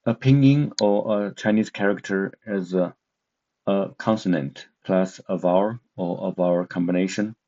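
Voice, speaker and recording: A man's voice: deep voice, normal speed, mellow. A man teaching an online language lesson, speaking with many hesitant filler sounds. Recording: dull lo-fi sound.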